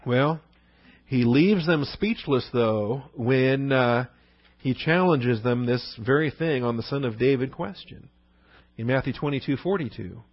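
A man's voice: mid-range voice, unhurried, no room sound, dull audio. A man preaching a sermon as a pastor, talking in a conversational way and asking rhetorical questions.

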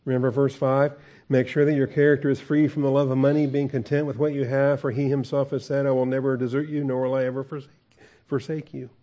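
Male pastor, sermon, mellow warm tone, chatty, chuckles, asks questions. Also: mid-range voice, flat delivery, fast talker, muffled recording. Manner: conversational, chuckles often, asks the congregation questions.

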